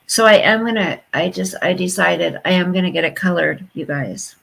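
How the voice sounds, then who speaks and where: A woman's voice: on the low side, normal speed, creaky, fairly bright tone, rough recording. A woman in her fifties chatting casually and bluntly to her viewers, telling gossipy stories. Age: 50s. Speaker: vlogger.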